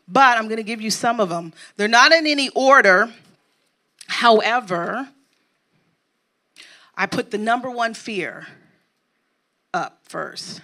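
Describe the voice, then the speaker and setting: Woman preacher, high voice, slow and rousing, keeps asking the church "okay?". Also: bright, forceful tone. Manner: rousing preacher who checks in with the crowd; lists items in an emphatic cadence. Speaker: apostle preaching to a congregation. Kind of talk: sermon.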